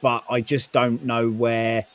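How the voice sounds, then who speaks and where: A man's voice: mid-range voice, level tone, slow. A British man, likely in his thirties, a maker and YouTuber, chatting casually on a podcast with rambling stories and many fillers. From United Kingdom.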